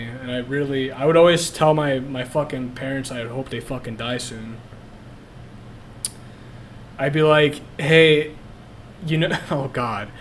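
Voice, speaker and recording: Young male streamer, blunt and profane, casual confessional talk, faint noise behind. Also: medium pitch. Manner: blunt, profane, laughs at himself.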